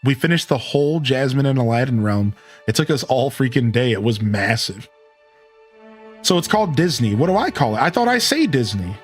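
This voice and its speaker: Speaking fairly quickly at a medium pitch, with soft music in the background, a live streamer from Ohio in his thirties chats loosely with viewers. He has an Ohio accent and an animated, rambling style, often correcting what he just said.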